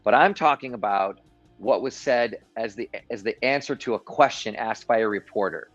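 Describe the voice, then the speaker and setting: A man's voice: fairly low pitch, normal speed, fairly bright tone, soft background music. Guy doing opinionated live stream commentary, cocky and sarcastic, kinda muffled audio. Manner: emphatic, self-assured, sarcastic asides. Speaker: show host. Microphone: live-stream mic.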